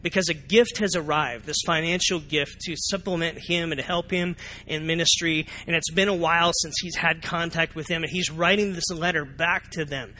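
Bright-voiced pastor preaching. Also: male voice, on the high side, moderate pace, slight background noise. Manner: animated, asks the congregation questions, acts out reactions. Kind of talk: sermon. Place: church sanctuary.

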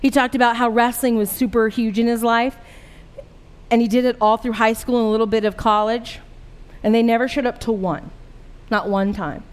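A woman with a high voice preaches a sermon to her church. She is middle-aged and talks in a candid, conversational way, asking her listeners questions as she goes. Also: steady tone, moderate pace. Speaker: pastor.

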